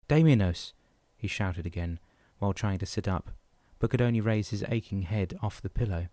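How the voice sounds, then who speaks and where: A man narrating a novel chapter in a steady, even reading voice. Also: sits low, dry recording. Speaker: audiobook narrator. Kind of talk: audiobook narration.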